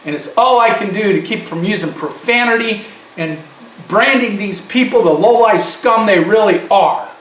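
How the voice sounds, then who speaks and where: A man delivering an angry, loud and emphatic political rant as a commentator. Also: high voice, normal speed, reverberant, far from the mic, low-quality recording.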